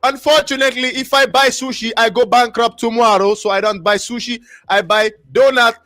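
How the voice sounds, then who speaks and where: A man hosting a casual live stream, talking in an excitable, repetitive, slangy hype style. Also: extremely high pitch, fairly quick. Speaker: livestream host.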